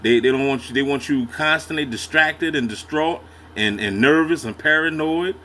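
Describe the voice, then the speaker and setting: A man's voice: on the high side, moderate pace, sharp tone, a little hiss or hum. A man hosting a reaction video, talking in slangy, emphatic asides and backing up the clip he plays. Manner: slangy, emphatic, chiming in with agreement. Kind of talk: casual reaction commentary.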